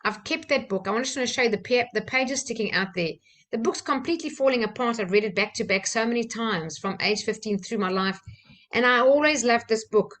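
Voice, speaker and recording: A woman's voice: on the high side, fairly quick. Candid woman telling a personal story. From South Africa. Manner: open, candid, with soft laughs and fillers. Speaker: trainer sharing a personal story.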